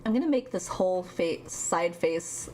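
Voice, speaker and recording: A woman's voice: fairly low pitch, expressive, a little slow, darkish tone, faint music behind. A woman streamer chatting casually while drawing, rambling and reacting to her chat. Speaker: vtuber streamer.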